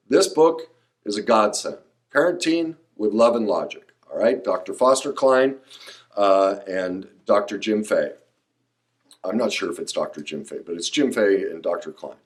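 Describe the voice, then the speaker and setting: A man's voice: mid-range voice, normal speed. A middle-aged man hosting a podcast, talking emphatically and passionately, sometimes sounding preachy. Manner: emphatic, preachy, rising to excited outbursts. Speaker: podcast host. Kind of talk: passionate solo podcast monologue.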